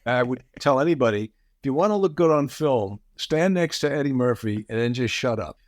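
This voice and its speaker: Lively storytelling man, dry close sound. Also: mid-range voice, a little fast, no room sound. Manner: lively storyteller, acts out quotes. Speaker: guest. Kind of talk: casual anecdote telling.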